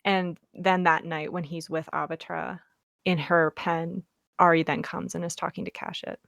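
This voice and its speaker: Casual podcast co-host, young woman, lower voice, quick chatty plot recap, dry close mic. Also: flat delivery, gravelly, a bit bright, no room sound. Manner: retells the plot quickly with many likes, acts out quotes. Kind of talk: casual book discussion.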